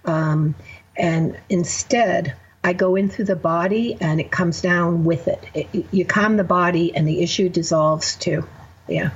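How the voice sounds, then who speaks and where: A woman's voice: on the low side, fairly even intonation, measured pace, slightly rough, lo-fi sound. A woman therapist guest on a podcast, explaining her method step by step with examples. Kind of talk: podcast interview.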